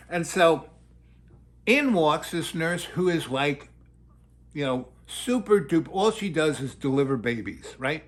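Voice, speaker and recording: A man's voice: a little high, expressive, unhurried, fairly bright tone. Rambling older man telling a story. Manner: loose, digressive, acts out quotes.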